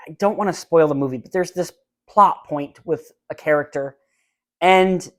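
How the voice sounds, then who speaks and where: Blunt, rambling male podcast host. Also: a little high. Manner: blunt, rambling, exasperated, talks straight to listeners. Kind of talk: solo movie review podcast. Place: room at home with a fan. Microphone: own microphone at home.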